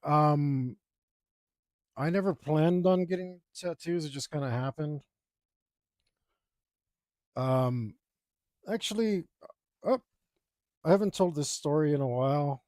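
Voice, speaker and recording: A man's voice: fairly high pitch, slow pace, pauses often, a little mellow, no room sound, studio quality. A young man, an artist, telling a story in a laid-back, rambling way with lots of ums while he draws. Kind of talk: casual storytelling while drawing.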